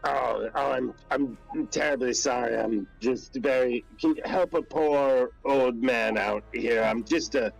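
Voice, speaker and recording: A man's voice: medium pitch, a little slow, creaky, hardly any pauses, faint music behind. A man putting on the voice of a poor old crippled beggar, pleading and humble. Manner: pleading, wobbly, fake-humble.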